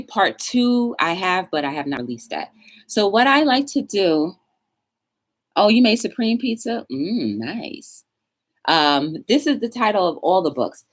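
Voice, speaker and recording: A woman hosts a casual live-stream talk show, speaking straight to her viewers. Her voice sits on the low side but leaps around with lively, animated pitch. She leans on words for emphasis when she reads quotes aloud.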